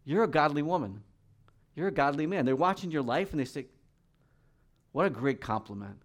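Middle-aged male pastor, slightly higher voice, animated preaching delivery. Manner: animated preaching, acting out voices and reading scripture aloud. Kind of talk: sermon.

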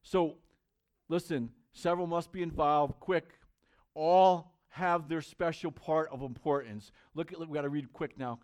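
A man's voice: a little high, steady tone, a little slow, a little mellow. A man preaching a sermon as pastor, earnest and conversational, reading Bible verses aloud to his church.

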